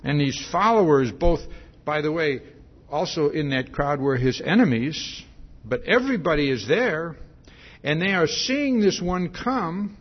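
Husky-voiced preacher, lively and conversational. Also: male voice, on the high side, measured pace, dull audio. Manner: conversational, with frequent "see?" asides and restarts. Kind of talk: expository sermon.

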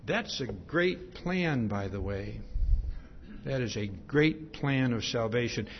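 Conversational preacher in an echoing hall. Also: male voice, medium pitch, lively intonation, slow pace, gravelly, highs cut off, a little hiss or hum. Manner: conversational, repeats "see?" often. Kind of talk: sermon.

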